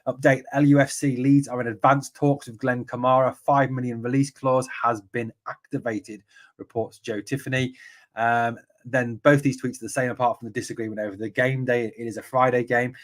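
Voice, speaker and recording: A man's voice: mid-range voice, little pitch movement, moderate pace. An English man hosting a live football podcast, reading out viewer comments and answering them in a chatty way with many ums. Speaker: podcast host.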